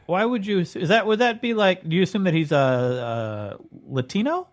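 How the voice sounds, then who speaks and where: Man, comedy podcast co-host, quizzical and teasing, animated pitch. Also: fairly quick. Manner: quizzical, needling questions. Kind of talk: casual comedic chat.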